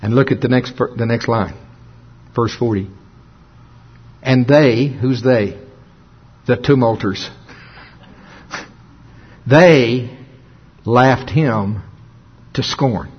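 A man preaching a folksy sermon, often laughing and slowing down for dramatic emphasis. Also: mid-range voice, breathy edge. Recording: dull lo-fi sound.

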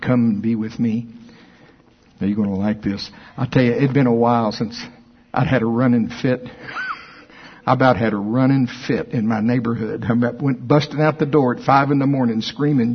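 A man preaching a sermon, excitable and quick to laugh, who slows down to read scripture aloud. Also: mid-range voice, breathy edge, muffled recording. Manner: excitable, laughs often, reads scripture slowly. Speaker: pastor.

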